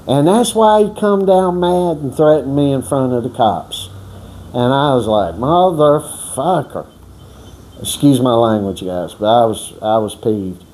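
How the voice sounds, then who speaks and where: A man's voice: mid-range voice, mellow, slight background noise. A man casually telling a long, rambling story with folksy, profane talk and many restarts. He acts out other people's words as he goes. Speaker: storyteller on a boxing workout channel.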